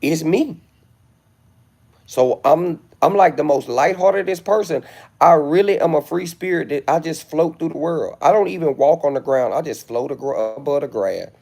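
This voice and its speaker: A man's voice: fairly high pitch, normal speed, vocal fry, darkish tone. A middle-aged man, rambling self-assuredly in a casual livestream monologue, with flashes of indignation. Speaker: livestream host.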